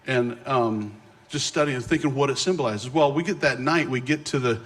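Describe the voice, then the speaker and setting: Animated middle-aged man telling a sermon story. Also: medium pitch, husky. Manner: animated, self-mocking storytelling with quick restarts. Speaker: guest speaker.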